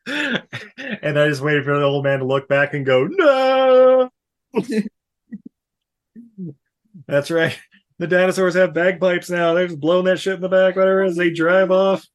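Man, podcast co-host, casual movie recap, animated, swears, slightly high-pitched. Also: moderate pace. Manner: animated, swears a lot, jumps into silly character voices.

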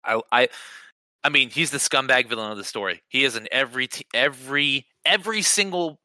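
A man co-hosting a podcast in casual sports chat, talking in an animated, excitable way and often repeating words as he starts a sentence. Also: medium pitch, fairly quick, no echo. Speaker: podcast co-host.

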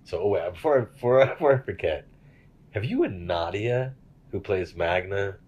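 Man, husky voice, lively up-and-down pitch, rambling, cursing, laughing, casual podcast host. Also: moderate pace, dull audio. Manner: rambling, swears a lot, laughs often. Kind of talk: casual chat.

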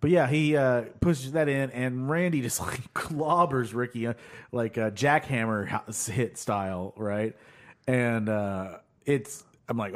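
A man talking loosely on a podcast, trailing into filler words and curse words as he recaps. His pitch sits in an ordinary middle range. He laughs easily between thoughts. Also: animated, measured pace. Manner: rambling, profane, laughs often, many fillers. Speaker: podcast co-host. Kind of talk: casual chat recapping a show.

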